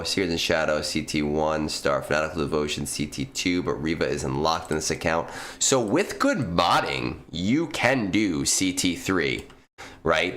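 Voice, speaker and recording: A man's voice: sits low, a bit bright. A man streaming, giving casual, blunt game advice, swearing freely and using plenty of fillers. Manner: blunt and profane, with frequent fillers.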